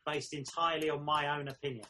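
A male host in casual chat, asking quick quiz-style questions. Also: on the high side, flat delivery, bright, forceful tone, a little hiss or hum.

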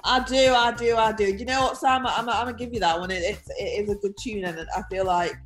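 Lively woman with a shifting Leeds accent. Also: mid-range voice, a little fast, soft background music. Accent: shifting between Jamaican-influenced Leeds and posh English. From Leeds, England. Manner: lively, open and self-mocking. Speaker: guest athlete. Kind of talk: casual chat.

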